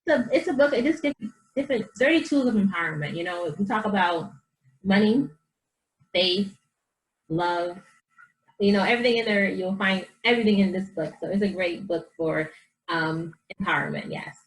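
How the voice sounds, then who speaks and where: A woman with a medium-pitched voice speaks at a moderate pace over poor audio. She's a life coach appearing as a guest in a casual interview, telling her past and her faith earnestly and animatedly while acting out what other people said.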